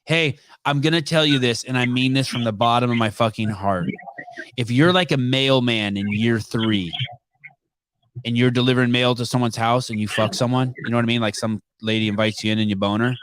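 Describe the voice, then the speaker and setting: A man hosts a live call-in show, talking bluntly and swearing freely as he rambles. His voice sits at an ordinary middle pitch. It is recorded dry and close, with no room sound. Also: steady tone, quick pace, a bit bright, clean tone, no echo. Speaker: podcast host taking calls.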